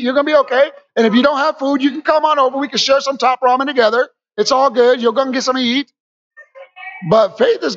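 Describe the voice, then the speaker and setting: High-voiced energetic male preacher. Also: lo-fi sound. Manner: energetic, call-and-response with congregation, rises to shouts. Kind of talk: lively sermon. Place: church.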